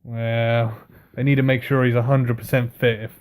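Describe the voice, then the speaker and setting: Bloke on a wrestling podcast, mid-pitch voice, jokey, keeps asking what's next. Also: male voice, little pitch movement, normal speed. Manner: chatty, joking, asks questions and speculates. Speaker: podcast co-host. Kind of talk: casual wrestling recap chat.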